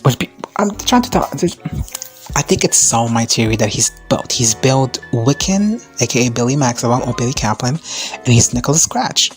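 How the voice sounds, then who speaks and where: A man giving a casual, profane recap of a TV episode, chatty and quick to laugh. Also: mid-range voice, animated, soft background music. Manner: chatty, laughs often, swears freely. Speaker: recap commentator.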